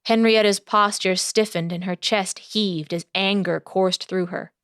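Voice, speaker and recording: A woman narrating a historical novel audiobook in a steady storytelling voice. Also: medium pitch, measured pace, clear, resonant tone, no room sound, studio quality.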